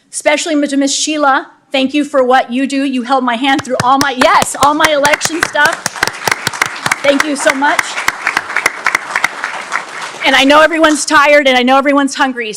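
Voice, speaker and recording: Woman on the council talking fast and warm with no script, lots of thank yous, kinda high voice. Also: background noise. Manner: energetic, fast and heartfelt, with repeated thank-yous. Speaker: newly elected city council member. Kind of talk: unscripted acceptance speech. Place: city council chamber.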